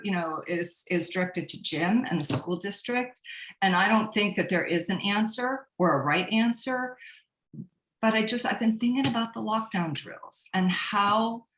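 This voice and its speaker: A woman on the city council speaking at a public meeting, emotional and halting, with many restarts. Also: mid-range voice, a bit bright, roomy sound, low-quality recording.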